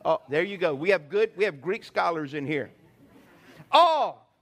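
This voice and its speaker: A man preaching a sermon, animated, acting out voices and calling for responses from the congregation. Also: sits high, a little slow. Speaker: pastor.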